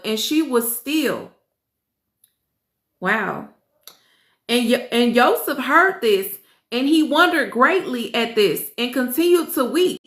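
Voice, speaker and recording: Her voice sits high with a fairly bright tone as she hosts and reads scripture aloud. She reads earnestly and emotionally, stopping to react and toss casual asides to her listeners. The room gives a roomy echo.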